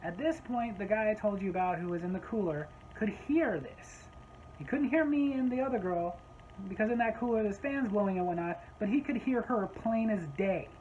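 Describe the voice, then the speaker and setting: A woman's voice: medium pitch, animated, normal speed, a little mellow, muffled recording, slight background noise. A woman casually retelling a story from her old gas station job, wry and exasperated.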